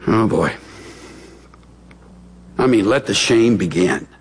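Guy putting on an old friend needling someone, husky voice, big hall echo. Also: lowish voice, expressive, slow, pitched below the performer's own voice, exaggerated voice. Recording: long hall reverb.

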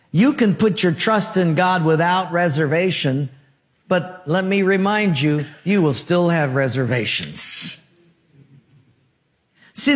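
High-voiced man preaching a sermon. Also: big-room sound. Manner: storytelling with voiced quotes and laughter; rhetorical questions to the congregation. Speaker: pastor.

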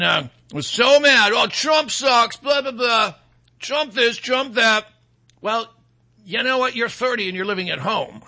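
Sarcastic, gravelly, high-pitched middle-aged man. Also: pushed and bright. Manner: sarcastic, mocking, rambling. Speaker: political commentary host. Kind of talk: political commentary monologue.

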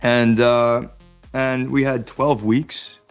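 A man's voice: medium pitch, level tone, slow, smooth, soft background music. An American man in his thirties, an actor chatting in a casual press interview, joking around and calling the host dude. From United States. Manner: laid-back, jokey, says dude a lot. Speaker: actor promoting films.

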